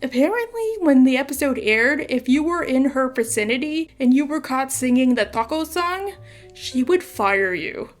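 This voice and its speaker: A woman narrating a comedic video essay with playful, sarcastic asides and quick apologies. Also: high voice, big pitch swings, faint music behind.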